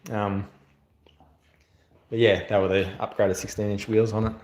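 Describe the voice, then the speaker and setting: Speaking at a normal pace in a lowish, level, slightly mellow voice, this Australian man hosts a channel livestream. The echoey room carries his casual, filler-heavy rambling as he reads out comments from viewers.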